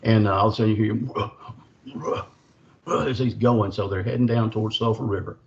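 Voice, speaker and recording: Middle-aged man, low-pitched, rambling folksy storyteller, muffled lo-fi audio. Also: steady tone, racing, gravelly. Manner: folksy, rambling, full of fillers and asides. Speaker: Bigfoot researcher, podcast guest. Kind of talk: storytelling an encounter.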